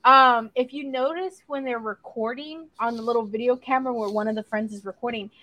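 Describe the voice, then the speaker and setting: A woman's voice: on the high side, brisk, bright, forceful tone, low-quality recording. A young woman co-hosting a podcast, recapping a series in casual chat and swearing freely as she tells the story. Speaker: podcast co-host.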